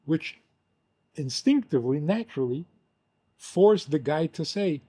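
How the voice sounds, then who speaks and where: An older man, a rabbi, teaching with an animated story, acting out the quotes and laughing often. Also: fairly high pitch, measured pace, long pauses, slightly rough.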